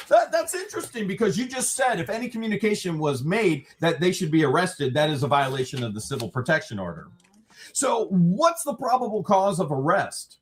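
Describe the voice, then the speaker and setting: Animated, higher-voiced male storyteller. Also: fairly quick, slight background noise. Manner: animated storytelling, sarcastic asides. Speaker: livestream guest. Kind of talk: casual recap of a court hearing.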